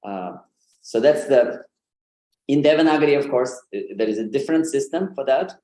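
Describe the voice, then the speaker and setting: A man's voice: mid-range voice, lively intonation, normal speed, dark tone, echoey room. A man giving an informal online lesson on pronunciation, with many fillers and light laughs. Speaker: Sanskrit pronunciation presenter.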